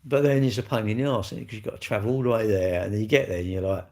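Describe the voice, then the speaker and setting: A man's voice: fairly low pitch, racing, mellow. A middle-aged man talks straight to his livestream chat, cheeky and blunt. He swears without a second thought and teases his viewers in easy, chatty banter. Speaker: livestream host. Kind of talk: casual livestream chat reading viewer comments.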